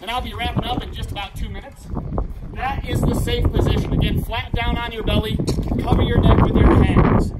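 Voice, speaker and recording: High-voiced male park ranger outdoors. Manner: projecting, upbeat, leads call-and-response. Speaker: park ranger giving a talk. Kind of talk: outdoor ranger talk to a crowd. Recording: distant outdoor voice, loud background noise.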